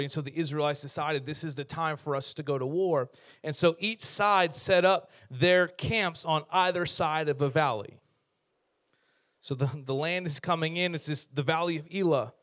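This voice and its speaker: A male pastor preaching a lively, conversational sermon with humorous storytelling. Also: fairly high pitch, normal speed.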